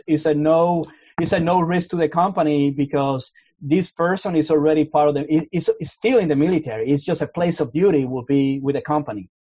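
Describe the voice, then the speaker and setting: Canadian man, earnest, halting restarts, fairly high voice, dry close sound. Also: darkish tone, dry recording, muffled recording. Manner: earnest, many restarts and repeated words. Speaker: guest, army officer. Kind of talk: casual interview talk.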